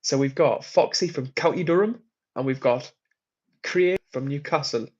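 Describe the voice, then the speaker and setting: A man's voice: on the high side, moderate pace, a little mellow, breathy edge, muffled recording. Chatty man hosting a livestream. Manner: chatty, friendly, laughs often. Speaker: livestream host. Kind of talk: casual live chat reading comments. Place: hotel room on a work trip.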